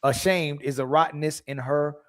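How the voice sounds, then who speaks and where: A man's voice: on the high side, fairly even intonation, moderate pace, heavy background noise. Man reading donor messages aloud. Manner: reads donor messages aloud, stumbles over names. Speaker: co-host reading super chats. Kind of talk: casual livestream chat.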